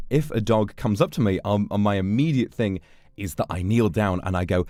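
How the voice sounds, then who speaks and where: A man's voice: fairly low pitch, fast, darkish tone, no echo, studio quality. A man streaming a game, reading its text aloud and joking in casual commentary. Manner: playful, reads game text aloud and jokes.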